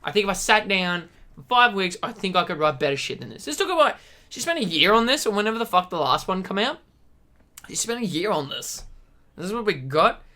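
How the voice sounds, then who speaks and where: Bright-voiced woman in a sweary rant. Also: mid-range voice, sing-song, fast. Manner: aggressive, sweary, exasperated. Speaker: streamer. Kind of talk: profane ranting commentary.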